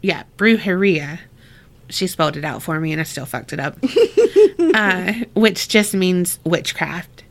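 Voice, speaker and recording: A woman's voice: lowish voice, unhurried, gravelly. A woman co-hosting a casual podcast, reading listener stories aloud, laughing often and swearing freely. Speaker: podcast co-host.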